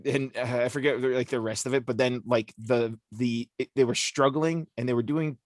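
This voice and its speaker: A man's voice: mid-range voice, steady tone, normal speed, no room sound. Guy rambling through his point, lots of likes and ums, dry close sound. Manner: rambling, explanatory, fillers. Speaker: podcast co-host. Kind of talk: casual discussion.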